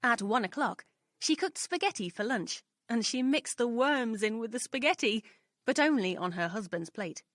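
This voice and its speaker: A woman's voice: a little high, normal speed, no room sound. Woman narrating a storybook, dry studio. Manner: expressive, clear reading aloud.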